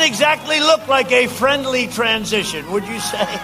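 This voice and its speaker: Rally speaker, male, high voice, loose and repetitive delivery, raises his voice to reach the crowd, faint music behind. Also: lively intonation, moderate pace, few pauses. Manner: rambling, repeats phrases, shouts to the crowd. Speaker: president speaking at a campaign rally. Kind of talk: campaign rally speech. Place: campaign rally.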